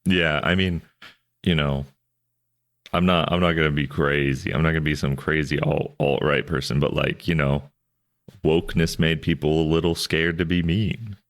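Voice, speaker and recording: A man's voice: rumbling low, steady tone, normal speed. A man co-hosting a podcast, talking loosely about a film in a rambling, jokey way with lots of restarts. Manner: rambling, self-interrupting, jokey. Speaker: podcast co-host. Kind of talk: casual film discussion.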